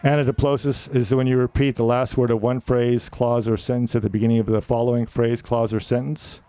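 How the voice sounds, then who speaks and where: A middle-aged man gives an online lecture on public speaking. His voice is mellow and smooth, and he works steadily through definitions, quoting an example for each term. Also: mid-range voice, level tone, fairly quick, no room sound.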